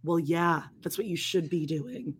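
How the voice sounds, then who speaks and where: A woman's voice: fairly low pitch, unhurried. A woman co-hosting a podcast, chatting casually and making sarcastic, mocking remarks. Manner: sarcastic, reads aloud mockingly. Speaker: podcast co-host. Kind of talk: casual chat.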